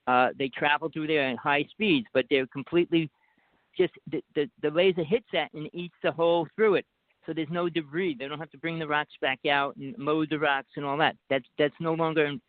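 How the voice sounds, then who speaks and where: A man's voice: fairly high pitch, dry recording. Insistent New Jersey man over the phone. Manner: rambling, insistent, talks over others. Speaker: guest caller. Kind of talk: casual talk show chat. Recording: dry tinny phone line.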